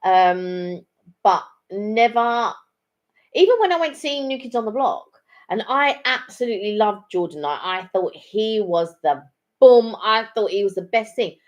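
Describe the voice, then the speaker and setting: A woman's voice: medium pitch, animated, measured pace, muffled recording. Rambling woman in casual chat. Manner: rambling, with many ums and restarts. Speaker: co-host of a live chat stream.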